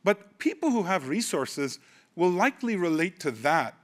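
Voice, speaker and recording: A man's voice: sits high, big pitch swings, moderate pace. A man in his sixties giving a conference keynote, conversational and wry, often restarting his phrases. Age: 60s. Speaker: keynote speaker.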